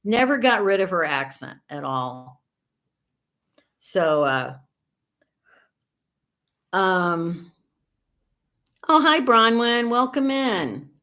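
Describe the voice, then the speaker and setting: An American woman in her sixties hosts a casual livestream, rambling through dry-humored chat and replying to viewer comments. Her medium-pitched voice is a bit bright, with big pitch swings, drawn-out words and long pauses.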